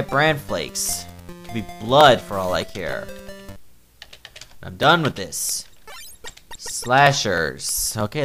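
A man from Newfoundland tears into a bad video game with crude, sarcastic jokes. His pitch swings widely and he talks slowly. Faint game music plays underneath. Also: a bit bright, low-quality recording. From Newfoundland, Canada. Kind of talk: comedic game review commentary.

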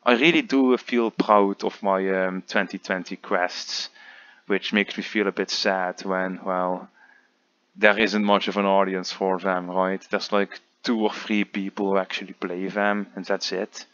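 A man's voice: low voice, flat delivery, unhurried, a bit bright, highs cut off. A man casually commentating on a game he made, rambling and self-mocking with lots of filler words. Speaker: game creator commentating his own quest.

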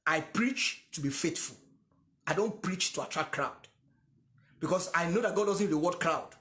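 A man's voice: a little high, expressive, moderate pace, bright, forceful tone, roomy sound. A Nigerian-accented man whose first language is Yoruba, preaching a sermon emphatically and repeating lines for stress. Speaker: pastor.

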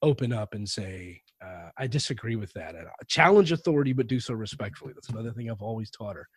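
A man being interviewed on a podcast, telling anecdotes in a relaxed, conversational way and animating the voices of people he quotes. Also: on the low side, fast, breathy edge, dry recording. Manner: anecdotal, animated when quoting others. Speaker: podcast guest. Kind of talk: conversational storytelling.

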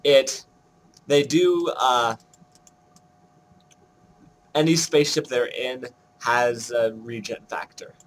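A man giving casual let's-play commentary, joking at his own mistakes and thinking out loud as he plays. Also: mid-range voice, steady tone, slow pace, long pauses, slight background noise. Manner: jokey, self-mocking, thinks aloud while playing. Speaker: gameplay commentator.

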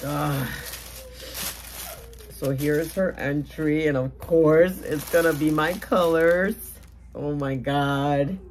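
A woman's voice: low voice, little pitch movement, slow, pauses often, darkish tone, slight background noise. A woman vlogging a casual unboxing for her giveaway challenge, gushing and emotional, at times tearful. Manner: gushing, emotional, exclaims often.

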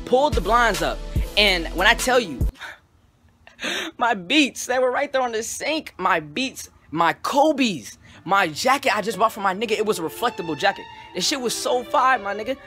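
Young man with a high, bright voice. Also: normal speed, slightly rough, soft background music. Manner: animated, profane, slangy retelling. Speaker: storytelling vlogger. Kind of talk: casual storytime.

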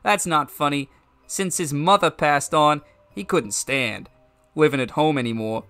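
A man's voice: fairly high pitch, measured pace, bright, forceful tone, smooth. A man voicing a blustering older male resort comedian and sorrowful father, with a pompous, blustery manner. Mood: mournful.

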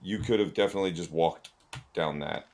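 A man's voice: sits low, fairly quick, darkish tone, a little hiss or hum. Man thinking aloud while gaming. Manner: chatty, thinks aloud, jokey. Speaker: streamer. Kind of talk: casual gameplay commentary.

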